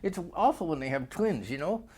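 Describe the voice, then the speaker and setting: Picture a man hosting his own comedy vlog, riffing crudely from one joke to the next. His pitch swings all over the place as he slips in and out of voices and a folksy drawl. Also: very animated, a little fast, darkish tone, slightly rough. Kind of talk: rambling comic monologue.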